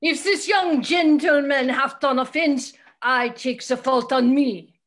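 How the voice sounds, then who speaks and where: A woman's voice: high voice, fairly even intonation, slow, a bit bright. A woman reading a loyal, defiant male sea captain in a Zoom play reading, firm and challenging. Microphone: video call.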